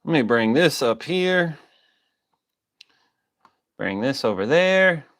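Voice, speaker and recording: Slow but very animated, a man with a medium-pitched, fairly bright voice hosts a casual livestream. He reads chat, jokes loosely and greets viewers by name, coughing now and then with a bit of a wheeze.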